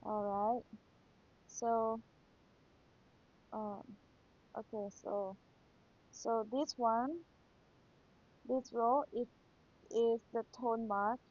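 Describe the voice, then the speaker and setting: Woman teacher, thai accent, slow and patient, fairly high voice, muffled lo-fi sound. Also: fairly even intonation, darkish tone. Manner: patient, repeats key points, many "okay"s. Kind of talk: exam review lesson. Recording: dull lo-fi sound.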